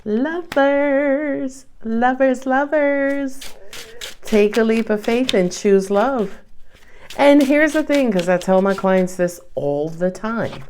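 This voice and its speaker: A woman's voice: medium pitch, a little slow, slight background noise. Chatty tarot-reading woman, New York accent. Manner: chatty and animated, slangy asides. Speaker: tarot reader. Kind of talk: casual tarot reading to camera.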